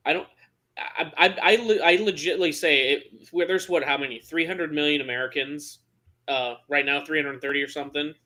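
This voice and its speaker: Bright-voiced joking male podcast co-host. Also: fairly high pitch, normal speed. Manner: joking, rambling with restarts. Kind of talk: casual sports chat.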